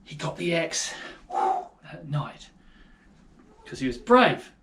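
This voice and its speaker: A man with a New Zealand accent telling a Bible story to kids, casual and playful throughout. His fairly high voice swings a lot in pitch. He keeps the telling lively and easygoing. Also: slow pace, slight background noise. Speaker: children's ministry storyteller. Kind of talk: storytelling for children.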